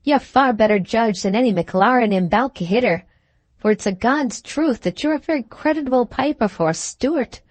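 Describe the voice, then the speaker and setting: A woman doing a coolly polite Highland piper. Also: animated, fairly quick, a little mellow, dry recording. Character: cool, proud Highland rival piper.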